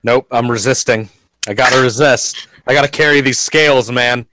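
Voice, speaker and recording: A man's voice: mid-range voice, fairly even intonation, normal speed, sharp tone, slight background noise, rough recording. A man playing a tabletop game with friends over a voice call, giving wry, in-character remarks. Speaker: player. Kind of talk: casual tabletop game chat.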